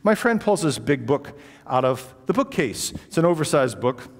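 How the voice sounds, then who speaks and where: Animated male storyteller in a hall. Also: on the high side, normal speed. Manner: animated, acts out dialogue. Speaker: speaker. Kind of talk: storytelling talk.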